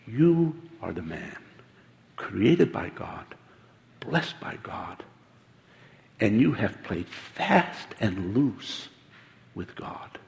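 A man voicing a stern old prophet rebuking a king, speaking in slow, solemn pronouncements. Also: on the low side, very animated, gravelly, a little mellow, voice pushed down, exaggerated voice. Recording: long hall reverb.

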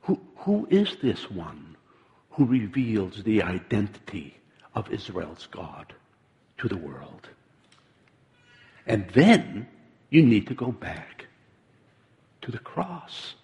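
A man preaching a sermon, unhurried, often stammering and restarting his phrases. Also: lowish voice, huge pitch swings, darkish tone, long reverb tail.

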